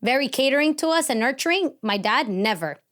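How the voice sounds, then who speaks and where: A woman's voice: high voice, fairly quick. A young adult woman co-hosting a podcast, telling stories in casual chat and laughing often. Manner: animated storyteller, laughs often. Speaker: podcast co-host.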